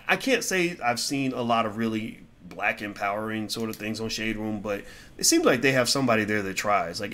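A middle-aged man giving casual opinion commentary, answering viewer questions in a blunt, heated way that swings between loud outbursts and low mutters.

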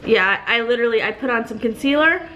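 A woman's voice: a little high, lively intonation, quick pace, sharp tone, muffled recording, slight background noise. A woman, a mother and vlog host, chatting casually to the camera outdoors and slipping into a sing-song baby voice with her kids and puppies. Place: outdoors in a neighborhood street.

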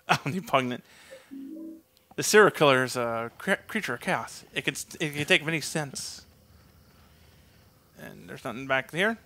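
A man co-hosting a let's play, giving casual gameplay commentary with quick, crude, joking banter. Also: medium pitch, expressive, bright, forceful tone.

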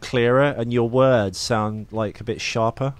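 A man's voice: medium pitch, fairly even intonation, unhurried, clear, resonant tone, no echo. A man co-hosting a comedy podcast, teasing and laughing a lot. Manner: laughing, teasing, easily amused. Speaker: podcast co-host. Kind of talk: casual chat.

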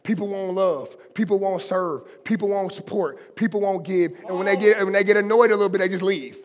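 Male pastor, high voice, passionate conversational sermon, church hall reverb. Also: brisk. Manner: impassioned, conversational preaching with colloquial asides. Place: church sanctuary.

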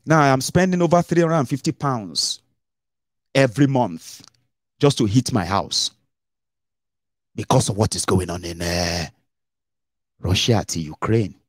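A middle-aged Nigerian man hosting a casual political commentary show, animated and mixing Pidgin into his English, with dramatic swings in pitch. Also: measured pace, pauses often, no room sound, clean studio sound. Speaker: host.

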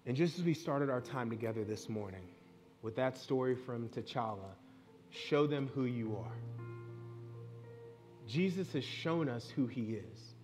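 A pastor in his thirties preaches to his church in an earnest, conversational voice of ordinary pitch, telling personal stories along the way. Soft instrumental music plays faintly behind him. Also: expressive, normal speed. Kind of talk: sermon. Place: church sanctuary.

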